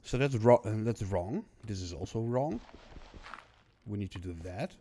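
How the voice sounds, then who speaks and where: A man with a hoarse, coughing voice, muttering to himself in casual gameplay commentary and breaking into frustrated outbursts. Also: fairly low pitch, expressive, measured pace, warm tone, slight background noise. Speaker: gaming streamer.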